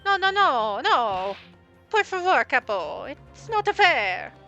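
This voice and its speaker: A woman's voice: sits high, big pitch swings, takes it slowly, sharp tone, muffled recording, faint music behind, full character voice. A woman doing a sobbing Italian crook. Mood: pleading. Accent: put-on Italian. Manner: whimpering, stammering, pleading.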